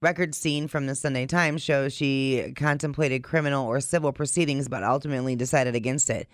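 Podcast co-host, male, mid pitch, smooth and clear, reads stories aloud with blunt asides, dry close sound. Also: steady tone, fairly quick, no echo. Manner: reads reports then adds blunt asides. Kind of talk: casual chat, reading news aloud.

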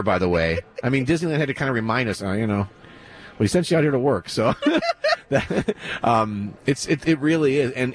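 A man hosting a live radio broadcast from a theme park, gushing with enthusiasm and tripping over his words. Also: mid-range voice. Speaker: radio host. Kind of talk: excited live broadcast chat.

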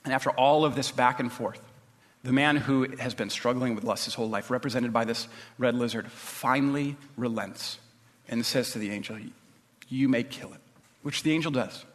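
A man's voice: medium pitch, normal speed, big-room sound. A male pastor preaching a sermon in a conversational way, with some restarts.

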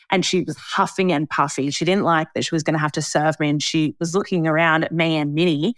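A young Australian woman tells a story on her podcast, laughing often and swearing freely. Her voice sits a little low. The sound is dry and close. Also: fairly even intonation, fairly quick, hardly any pauses, dry recording. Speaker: podcast host. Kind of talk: casual chat.

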